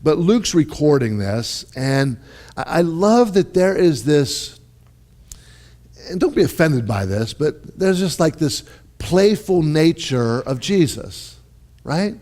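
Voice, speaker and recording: A man preaching a sermon in a lively, conversational way, often checking in with his listeners and restarting his phrases. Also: a little high, slow. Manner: animated, conversational, with repeated "right?" and restarts. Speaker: pastor.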